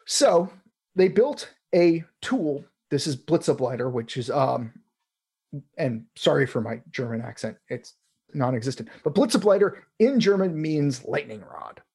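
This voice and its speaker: Man, somewhat high voice, husky, casual tech talk, rambling. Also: sing-song, a little slow, mellow. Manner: rambling, frequent restarts and fillers. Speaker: podcast host.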